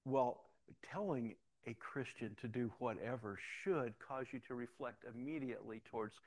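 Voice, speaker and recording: A man who is both a pastor and a police officer, telling his stories in an animated way, acting out the dialogue and often repeating words as he starts a sentence. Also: mid-range voice, normal speed, hardly any pauses. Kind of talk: storytelling testimony.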